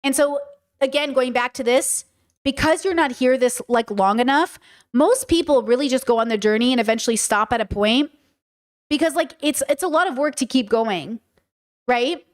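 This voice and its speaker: Hosting a podcast, a high-pitched woman talks at normal speed in a casual livestream manner, candidly fielding questions from chat and checking in with her listeners as she goes.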